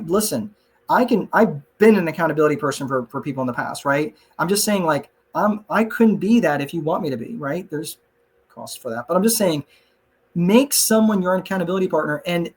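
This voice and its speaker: A man's voice: high voice, husky. Chatty man teaching an online class. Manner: conversational, frequent "look" and "right?" asides, self-joking. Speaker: class presenter. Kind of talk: casual online class, answering chat questions.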